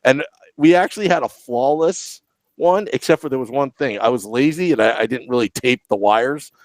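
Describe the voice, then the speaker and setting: A man's voice: mid-range voice, moderate pace, dry recording. A man hosting and producing a casual sports podcast, rambling and laughing through stories. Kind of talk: casual chat. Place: home podcast setup.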